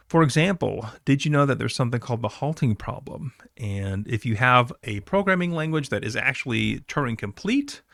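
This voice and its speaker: A man's voice: mid-range voice, vocal fry, fairly bright tone, dry recording, studio quality. A man teaching a class in a recorded lecture, talking conversationally with fillers and asides.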